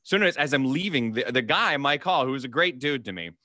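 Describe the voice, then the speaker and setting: Bright-voiced man telling a story. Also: mid-range voice, quick pace, no echo, studio quality. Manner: animated anecdote teller, acts out quoted voices. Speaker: podcast host. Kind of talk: casual storytelling chat.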